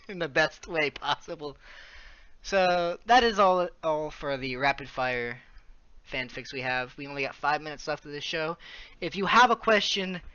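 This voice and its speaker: A man's voice: fairly high pitch, sharp tone, clear, resonant tone. A man hosting a casual online chat show, laughing often and steering the conversation. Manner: laughs often, leads the segment. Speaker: podcast host. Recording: dull lo-fi sound.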